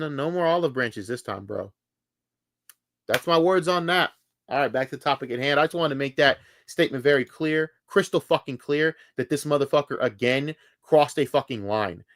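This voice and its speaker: Angry and heated, a medium-pitched man with a rather bright tone unloads on a live stream, swearing heavily and repeating words when riled. The studio recording is clean and free of room sound.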